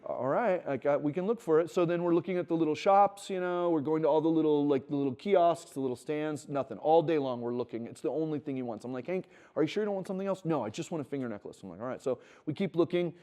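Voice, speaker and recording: Speaking quickly and with hardly any pauses, this fairly high-pitched middle-aged man addresses students in a teaching room at a Christian wilderness school. His sermon is conversational, full of stories and acted-out dialogue, rising to animated emphasis.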